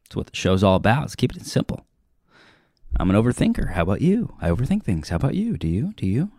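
A young adult stand-up comedian hosts his own podcast, rambling loosely through a self-deprecating comic monologue. His lowish, slightly mellow voice swoops wildly in pitch, and he talks fast. The recording is dry with clean studio sound.

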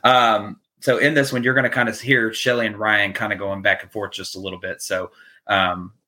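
A man's voice: lowish voice, little pitch movement, moderate pace, sharp tone. A man co-hosting a casual video call, introducing clips and laughing easily. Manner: laughs often, talks loosely with fillers. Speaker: co-host presenting session clips. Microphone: noise-canceling headphones on a video call.

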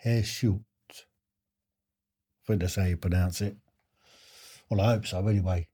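A man's voice: sits low, fairly even intonation, measured pace, warm tone, husky. A man hosting a live online quiz in a chatty, self-deprecating way, often chuckling.

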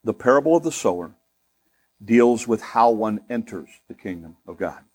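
A middle-aged man preaching a sermon in a conversational way, with humorous asides and rising emphasis, turning softer and slower when he prays. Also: breathy edge. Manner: softer, slower and lower in prayer. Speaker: pastor.

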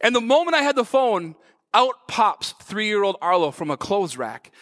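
Guy pastor preaching, high voice, acts out the yelling in his stories, echoey church hall. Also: normal speed. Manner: animated storytelling, acts out his own shouts. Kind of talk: sermon. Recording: long hall reverb.

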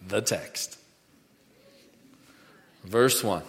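A man's voice: medium pitch, normal speed, long pauses, fairly bright tone. Male preacher in an echoey hall. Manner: emphatic, leads the congregation in call-and-response. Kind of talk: sermon. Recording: echoey hall with long reverb.

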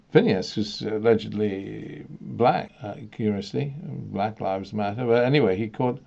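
Man, low gravelly voice, indignant, thinking aloud, dull lo-fi sound. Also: warm tone. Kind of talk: opinionated monologue.

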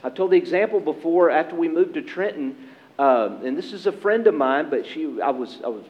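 A man preaching a sermon as pastor, earnest and emphatic, with dramatic pauses. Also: fairly high pitch, expressive, muffled recording.

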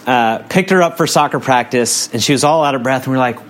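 A man's voice: mid-range voice, brisk, a bit bright. A man in his forties, a pastor preaching a sermon in a conversational way, often hedging with "kind of" and "um".

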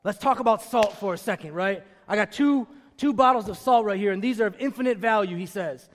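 A man's voice: high voice, fairly quick. A man preaching a sermon who calls out to the congregation for responses and hammers his key phrases by repeating them. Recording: long reverb of a large room.

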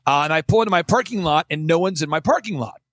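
Emphatic male storyteller, raspy, lively and dry in sound. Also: fairly high pitch, no echo. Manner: emphatic, punchy, quick bursts of mimicry. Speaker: guest speaker. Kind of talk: animated storytelling on a talk show.

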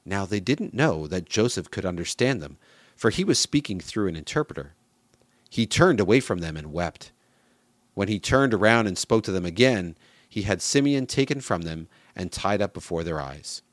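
A man reading Bible passages aloud in a measured, steady way on a close mic. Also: sits low, dry recording. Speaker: scripture reader.

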